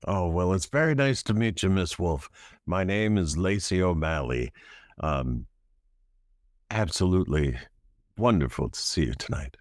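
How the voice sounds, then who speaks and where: A man playing a polite first-generation Irish American gentleman in a tabletop game, hesitant and full of fillers. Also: low voice, expressive, measured pace, long pauses, no echo, clean studio sound. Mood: courteous.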